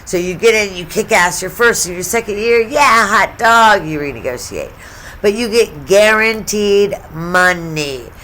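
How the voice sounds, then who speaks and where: Middle-aged woman, lower-pitched, casual and profane vlogger, chatty sports talk with side asides. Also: expressive, normal speed, a bit bright, slight background noise. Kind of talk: casual storytelling vlog.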